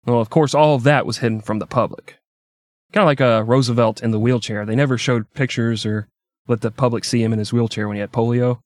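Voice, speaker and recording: A man's voice: mid-range voice, steady tone, brisk, a little mellow, dry recording, studio quality. A man co-hosting a podcast, telling a history story in a casual, jokey, irreverent way and laughing often.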